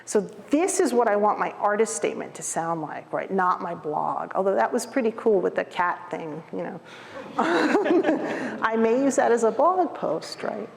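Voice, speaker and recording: A woman's voice: medium pitch, gravelly. Chatty woman presenter in a reverberant hall. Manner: chatty, keeps asking "right?". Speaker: photography club presenter. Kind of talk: casual presentation.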